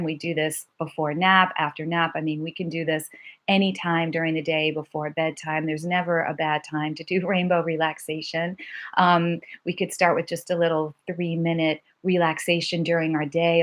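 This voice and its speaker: A woman teaching mindfulness exercises, speaking softly and gently, slowing down to lead calm repeated mantras. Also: on the low side. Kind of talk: guided mindfulness instruction.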